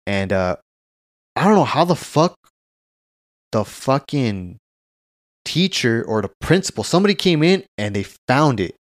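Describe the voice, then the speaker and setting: A man's voice: medium pitch, measured pace, long pauses, no room sound. Profane storytelling podcast guy, dry mic. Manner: profane, animated storytelling with acted-out quotes. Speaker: podcast co-host. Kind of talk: casual storytelling chat.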